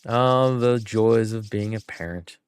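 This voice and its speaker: Young male streamer, chatty and animated, dry close mic. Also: fairly low pitch, slow pace, clean tone, no echo. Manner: chatty, animated, acts out voices in anecdotes. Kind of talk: casual livestream storytelling.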